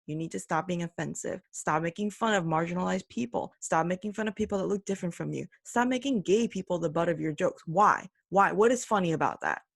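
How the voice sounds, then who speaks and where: A young woman gives her opinions on her own podcast, earnest and emphatic, with a gravelly fry running under her mid-range voice. The sound is close and dry, with no room around it. She drops into brief mocking impressions of other people. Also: fairly low pitch, brisk, hardly any pauses, no room sound. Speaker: podcast host. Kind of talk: opinionated solo commentary.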